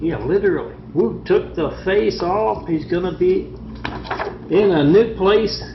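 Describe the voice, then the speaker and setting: A man with a high, gravelly voice tells a meandering story, wandering from one loose thread to the next. The sound is echoey and dull, like a lo-fi recording in a bare room. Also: unhurried, noisy background. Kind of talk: rambling spoken story.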